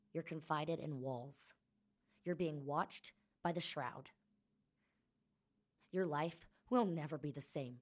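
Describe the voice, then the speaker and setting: A woman playing a fierce woman leader in a tabletop game, swinging between hushed threats and loud outbursts. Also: fairly low pitch, lightly acted. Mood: bitter. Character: fierce woman leader confronting a former ally.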